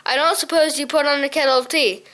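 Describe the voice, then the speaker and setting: A woman's voice: high voice, steady tone, fast, a bit bright. A woman reading a storybook, voicing a brave, hot-tempered young male mouse who is urgent and sarcastic.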